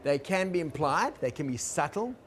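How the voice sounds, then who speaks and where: Gentle man giving a lecture. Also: a little high, very animated, moderate pace, slight background noise. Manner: gentle, explaining, checks in with listeners. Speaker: teacher on conflict work. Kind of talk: recorded lecture.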